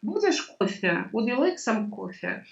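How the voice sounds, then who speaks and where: A woman's voice: medium pitch, sing-song, vocal fry. Woman tutoring over a distant line. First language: Russian. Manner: patient, explains slowly, mixes in Russian words. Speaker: language tutor. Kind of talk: online language lesson. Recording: distant, dull video-call audio.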